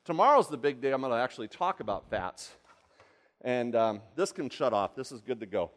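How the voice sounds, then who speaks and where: A man's voice: medium pitch, expressive, fairly quick, fairly bright tone. A man giving a live cooking demonstration, chatty and rambling, often asking the audience questions. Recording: long hall reverb.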